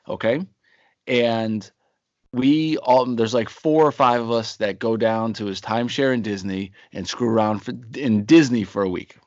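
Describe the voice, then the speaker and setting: A man's voice: mid-range voice, no room sound, highs cut off. Rambling storyteller man on a podcast. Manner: rambling anecdotal storyteller, acts out quotes. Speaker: podcast co-host. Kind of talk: casual storytelling chat.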